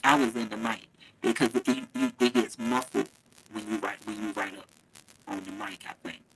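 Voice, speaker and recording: A man's voice: on the low side, flat delivery, normal speed, fairly bright tone, soft background music, rough recording. A man hosting a casual live stream, chatty and affectionate, laughing often and talking straight to his viewers through a phone mic. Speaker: livestream host. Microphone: phone mic, held too close at first.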